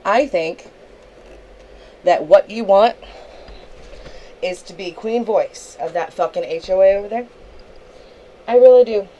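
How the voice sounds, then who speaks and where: A young woman with a dark, mid-range voice rants angrily at another streamer on a livestream, speaking at a measured pace with long pauses. She is confrontational and swears heavily, and the sound is lo-fi.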